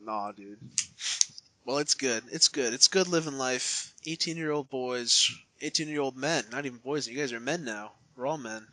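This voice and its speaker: A man's voice: mid-range voice, normal speed, bright, forceful tone. A man in casual podcast chat, telling rambling jokey stories. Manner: rambling, joking storyteller.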